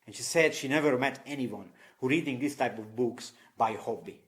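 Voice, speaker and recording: A man's voice: medium pitch, normal speed, a bit bright. Man from Eastern Europe telling stories. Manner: candid anecdotal telling, laughs at himself; non-native English with loose grammar. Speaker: vlogger. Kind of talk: personal storytelling to camera.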